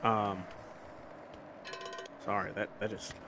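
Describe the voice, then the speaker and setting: A man's voice: lowish voice, little pitch movement, slow. A young man hosting a gaming video, talking casually and earnestly about faith while he drives, full of restarts and fillers. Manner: rambling and conversational, with many restarts and fillers. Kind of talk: casual chat while playing a driving game. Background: faint car engine and road noise from a game.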